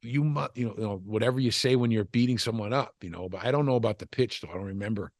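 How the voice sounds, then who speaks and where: A man's voice: on the low side, fast talker, no room sound, studio quality. An older man, a former wrestler, telling stories in a casual interview, rambling with frequent restarts and "you know" asides. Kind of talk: casual storytelling chat.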